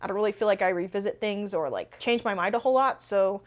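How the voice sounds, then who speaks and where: A woman's voice: mid-range voice, fast talker. A young adult woman hosting a book channel, telling stories in a chatty, rambling way full of fillers. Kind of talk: casual Q&A storytelling.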